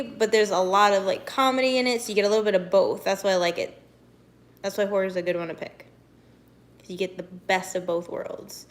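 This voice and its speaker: A young woman streamer chats casually on a live stream at home, bubbly and rambling with lots of "like," and walks to the kitchen along the way. She has a medium-pitched voice and speaks at a normal speed.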